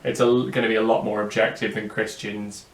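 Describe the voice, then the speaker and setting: A man's voice: fairly low pitch, flat delivery. Blunt Doncaster man, roomy echo. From England. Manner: quick, blunt and crude, self-mocking. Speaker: co-host. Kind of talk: casual chat.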